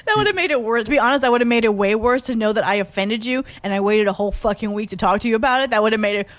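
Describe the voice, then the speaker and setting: Brief: woman stand-up comic, candid and self-deprecating in casual chat, voice a touch high. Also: racing, background noise. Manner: candid, self-deprecating, swears freely, acts out her own inner voice. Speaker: stand-up comedian.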